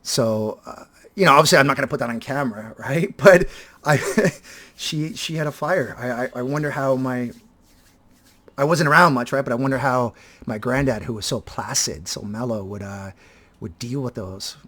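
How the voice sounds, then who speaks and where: Husky fifties guy talking to his viewers, keeps stopping and restarting, repeats words a lot. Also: medium pitch, normal speed, a bit bright. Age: 50s. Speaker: vlogger and teacher. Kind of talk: reflective casual talk to viewers.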